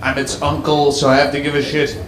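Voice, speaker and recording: A man's voice: a little high, completely flat delivery, brisk, echoey room, crowd noise. A male stand-up comedian on stage, ranting sardonically and swearing freely into a handheld mic.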